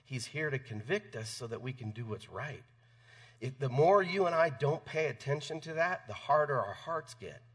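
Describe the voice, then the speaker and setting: A man's voice: mid-range voice, animated, moderate pace, fairly bright tone, far from the mic. A man preaching a sermon in a church, conversational, stumbling over repeated words. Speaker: pastor. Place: church sanctuary.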